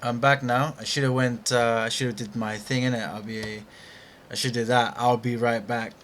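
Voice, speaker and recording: A man's voice: mid-range voice, little pitch movement, normal speed, a bit bright, slight background noise. A young British man talking through live trades with slangy, frustrated asides to himself. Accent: British English. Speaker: trading streamer. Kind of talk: live trading commentary.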